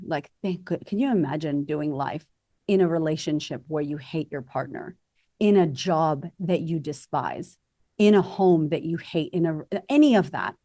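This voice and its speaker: A woman's voice: low-pitched, a little mellow, no echo. A woman confidence coach talking animatedly as a podcast guest, acting out quoted voices. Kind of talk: podcast interview.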